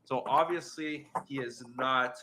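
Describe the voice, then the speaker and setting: A man's voice: mid-range voice, steady tone, measured pace, bright, forceful tone, a little hiss or hum. A man co-hosting a livestream, explaining things and reading out viewer questions. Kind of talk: casual livestream chat.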